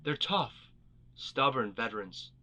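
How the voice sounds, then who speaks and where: A man voicing a gruff, wary veteran male rebel leader in a storybook reading, talking in blunt, clipped and wry lines. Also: medium pitch, lively intonation, slow, pushed and bright, heavily acted.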